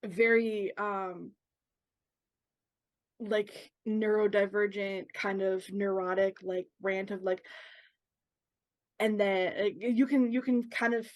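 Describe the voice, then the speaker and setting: A woman speaking in character for a tabletop game, slow and hesitant, stopping often to find her words. Her voice sits at an ordinary pitch. The recording is close and dry. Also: fairly even intonation, no room sound. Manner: halting, searching for words with many fillers. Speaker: player. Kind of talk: in-character tabletop role-play.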